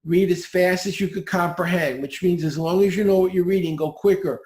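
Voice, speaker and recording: A man with a high voice talks as a podcast guest, giving listeners direct, upbeat, step-by-step instructions. The sound is echoey, as if he is in a bare room. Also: fairly even intonation, fairly quick, darkish tone. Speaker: podcast guest teaching speed reading.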